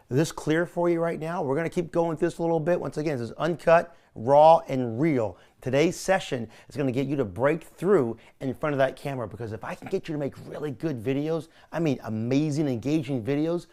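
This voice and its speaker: A man coaching someone on making videos, talking with energetic, salesman-like swoops of intonation that rise and fall to make his points. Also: fairly high pitch, a little fast, hardly any pauses. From California. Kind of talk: coaching session.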